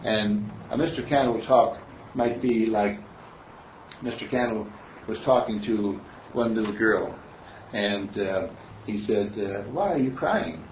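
A man's voice: on the low side, little pitch movement, takes it slowly, long pauses, slight background noise. Rambling male preacher in an echoey hall. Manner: rambling, chuckling, storytelling. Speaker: minister. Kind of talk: spiritual sermon. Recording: distant roomy dull recording.

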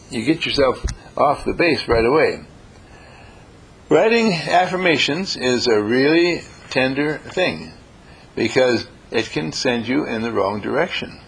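A man leading a workshop, gently critiquing students' written work with a meandering delivery full of hesitations. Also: mid-range voice, slight background noise. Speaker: workshop teacher. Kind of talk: classroom feedback on student writing.

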